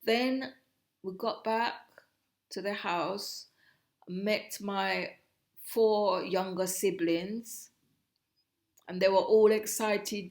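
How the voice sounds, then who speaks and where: A woman's voice: medium pitch, steady tone, darkish tone. Middle-aged woman recounting her past. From Jamaica. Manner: reflective, halting, breaks off and restarts mid-phrase. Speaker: guest, host's mother. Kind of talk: personal storytelling.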